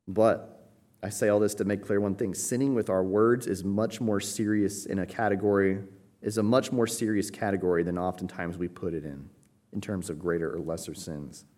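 A man who is a pastor, preaching a teaching sermon and explaining Greek words, often checking in with a quick "right?". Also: deep voice, fairly even intonation, darkish tone. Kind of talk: expository sermon.

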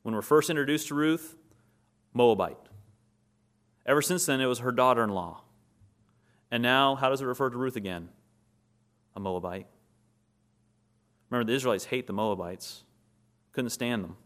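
A man's voice: mid-range voice, normal speed, long pauses, a bit bright. A man preaching a sermon, asking rhetorical questions and building to emphatic peaks. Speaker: pastor.

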